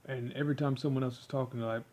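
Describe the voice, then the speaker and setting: A man giving a rambling, halting monologue, full of fillers as he explains a technique. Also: medium pitch, fairly even intonation, darkish tone, low-quality recording. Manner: halting, filler-heavy, meandering.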